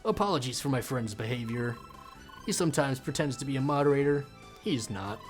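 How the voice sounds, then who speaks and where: A man voicing a calm young male gamer who apologizes for his friend in a dry, matter-of-fact way. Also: mid-range voice, brisk, faint music behind, close to an everyday voice. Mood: apologetic.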